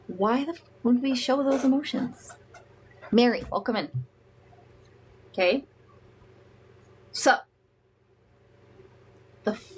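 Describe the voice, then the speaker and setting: A woman's voice: medium pitch, a bit bright, a little hiss or hum. A woman coaching viewers through a live-streamed talk. She is frank and emphatic, swears freely, and greets viewers by name. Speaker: host and emotional wellness coach.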